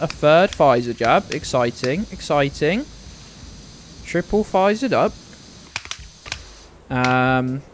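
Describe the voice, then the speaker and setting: A man's voice: on the high side, slight background noise. A man in his twenties chatting casually on a live game stream, rambling, swearing now and then and greeting viewers by name. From United Kingdom. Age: 20s.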